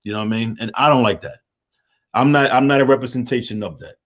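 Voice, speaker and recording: A man's voice: medium pitch, quick pace. A man talking as a guest in a casual call-in chat, in a laid-back, streetwise way with many fillers. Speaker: guest, media and water business owner. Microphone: call-in line.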